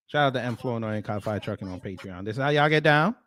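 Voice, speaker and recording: Lively-pitched man riffing on clips. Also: fast talker, no echo. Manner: animated, repeats short phrases. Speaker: livestream host. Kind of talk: casual reaction commentary.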